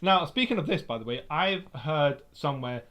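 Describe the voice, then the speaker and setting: A man co-hosts a podcast with a voice pitched a bit high. He is chatty, laughs easily and fills gaps with quick agreeing yeahs. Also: expressive, a bit bright. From Britain. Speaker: podcast co-host. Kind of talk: casual chat.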